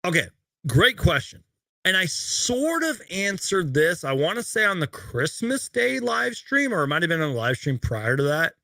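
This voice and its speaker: Bright-voiced chatty young man hosting a stream. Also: high-pitched, very animated, moderate pace, gravelly, no echo. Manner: chatty, reads viewer questions, rambling asides. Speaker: live stream host. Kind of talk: casual live Q&A stream. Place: home room with shelves of collectibles.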